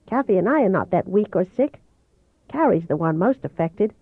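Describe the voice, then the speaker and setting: A woman's voice: mid-range voice, expressive, moderate pace, slightly rough, dry recording. A woman reading as a polite, proud teenage boy who speaks in a respectful, earnest way. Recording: dull, dry home recording.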